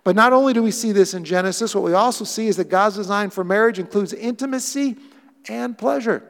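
A man preaching a sermon as pastor, animated, acting out quoted lines with playful voices. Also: high-pitched, fairly quick, vocal fry, in a large hall.

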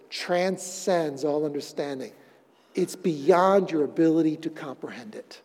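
A man preaching a sermon as pastor, moving from loud emphatic phrases down to hushed, almost whispered words. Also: a little high, a little slow, big-room sound. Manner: swings between loud emphatic lines and hushed near-whispers.

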